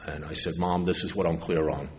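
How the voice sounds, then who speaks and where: His pitch is extremely low and his intonation fairly even as this middle-aged New York man speaks fairly quickly at a recovery convention. Telling a personal story to an audience with wry humor, he acts out others' words. The large convention hall sounds echoey, with faint ambience and slight background noise.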